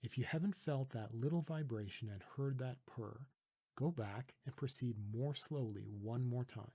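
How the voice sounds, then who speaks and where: A Canadian man from Toronto calmly teaching letter sounds, patiently demonstrating pronunciation with a close mic. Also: medium pitch, slightly rough. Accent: Canadian English. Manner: calm, patient, deliberate demonstrating. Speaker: language teacher. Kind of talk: pronunciation tutorial.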